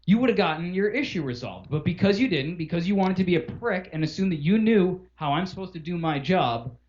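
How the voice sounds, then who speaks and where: A man's voice: sits high, animated, fairly quick, darkish tone. Profane ranting man, lo-fi sound. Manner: profane, exasperated ranting with acted-out phone calls. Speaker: podcast co-host. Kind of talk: casual ranting chat. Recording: dull lo-fi podcast audio.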